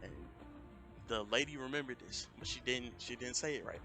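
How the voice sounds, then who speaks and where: A man telling a story in a casual, animated rant on a live stream, often jumping into raised voices to quote people. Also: mid-range voice, moderate pace. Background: music.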